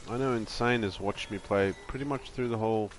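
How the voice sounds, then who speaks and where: A man's voice: on the low side, brisk, slight background noise. A man streaming a game, chatting casually and rambling in a friendly way, greeting viewers as friends. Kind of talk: casual live-stream chat.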